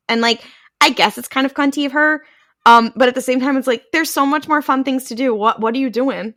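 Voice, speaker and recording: A woman's voice: sits high, fairly quick, fairly bright tone. A woman co-hosting a podcast in casual chat, with wry, amused commentary. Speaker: podcast co-host.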